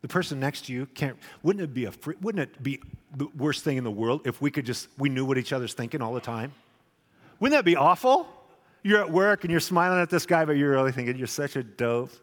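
A middle-aged man preaching a sermon to a congregation, swinging between loud animated questions and quiet confessional lines. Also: medium pitch, fast, big-room sound. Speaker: pastor. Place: church hall with congregation.

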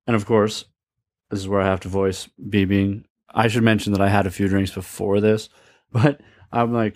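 A man's voice: on the low side, fast, a little mellow, no room sound. A man casually telling a funny story, laughing along and acting out the voices of the people in it. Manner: laughing, acts out quoted voices. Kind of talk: casual anecdote.

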